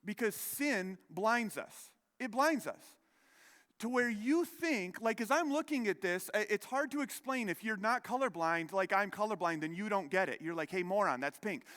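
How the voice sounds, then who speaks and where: A man's voice: high voice, lively intonation, normal speed, fairly bright tone. A man in his thirties preaching a sermon as pastor, telling a rambling personal story with many restarts and self-deprecating asides. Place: church sanctuary. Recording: long hall reverb.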